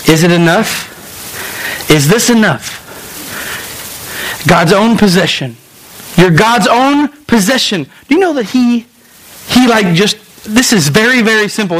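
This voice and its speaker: A man in his thirties with a fairly high voice preaches to his congregation. His delivery is earnest and personal, and it leans into emotion. He repeats phrases to drive his points home. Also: a bit bright, low-quality recording. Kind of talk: sermon. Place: room with a live congregation.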